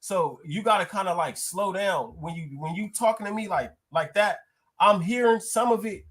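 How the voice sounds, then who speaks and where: A man debates on a panel, blunt and quick to swear. His voice sits a little high for a man, and he pushes his points hard. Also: a bit bright. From United States. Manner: blunt, profane, argumentative.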